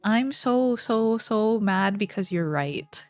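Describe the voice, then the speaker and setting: A woman's voice: medium pitch, lively intonation, slow pace, hardly any pauses, no room sound, faint music behind. A young woman streamer chatting casually with her viewers, rambling, giggling and trailing off mid-sentence. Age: young adult.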